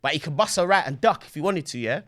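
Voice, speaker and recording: Young man, high-pitched, telling a lively street story on a podcast, acting out voices and shouting sound effects. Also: fast. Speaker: podcast guest. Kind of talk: animated storytelling in casual chat.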